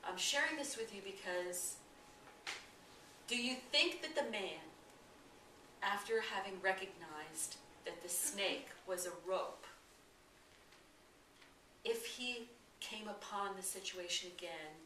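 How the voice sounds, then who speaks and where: A woman spiritual teacher telling a parable as a lesson, asking her listeners gentle questions and sometimes dropping to a hush. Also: medium pitch, slow pace, pauses often. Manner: gentle, questioning, at times hushed. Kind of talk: storytelling lesson. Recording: echoey room, distant mic, noisy.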